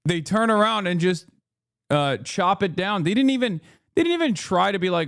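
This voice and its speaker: A man's voice: high voice, expressive, gravelly, fairly bright tone, no room sound, studio quality. A man from the United States streaming live, ranting in a profane, exasperated way with lots of fillers and restarts. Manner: rapid run-on talk with many fillers and restarts.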